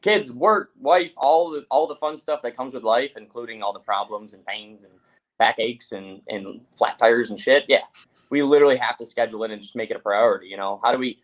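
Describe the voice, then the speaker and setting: A man talking quickly in a casual podcast conversation. He coaches and questions, dropping curse words as he goes, at an ordinary middle pitch. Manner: rapid, coaching, asks pointed questions, swears freely. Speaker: mental health coach, host.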